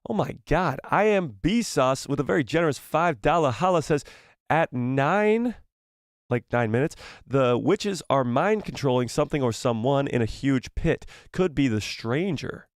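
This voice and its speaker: Animated young man hosting a live chat. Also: mid-range voice, normal speed, no echo, clean studio sound. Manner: animated and playful, teasing the chat, stumbles when reading aloud. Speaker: live stream host reading viewer donations. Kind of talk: casual live stream chat.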